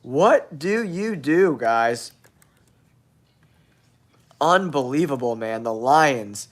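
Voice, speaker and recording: A man's voice: mid-range voice, expressive, very slow. Nasal stuffed-up man hosting a sports stream. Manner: exclaiming, repetitive, addresses viewers as guys. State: nasal from a cold. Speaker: sports show host. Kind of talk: excited live-stream sports talk.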